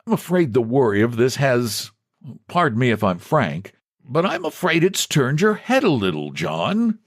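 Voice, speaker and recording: A man voicing a smooth, condescending bank president who talks down to a visitor. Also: medium pitch, huge pitch swings, normal speed, no echo, studio quality, voice pushed up. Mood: patronizing. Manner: breezy, patronizing.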